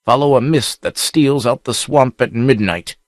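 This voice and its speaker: A man voicing a brooding, haunted nobleman who speaks slowly and somberly, in an audiobook reading. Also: medium pitch, no echo, studio quality, pitched above the performer's own voice, natural voice. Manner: somber, slow.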